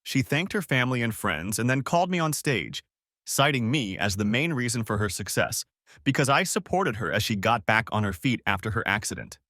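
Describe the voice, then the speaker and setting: A man narrating a first-person audiobook story in a steady, expressive way. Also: medium pitch, brisk, dry recording, studio quality.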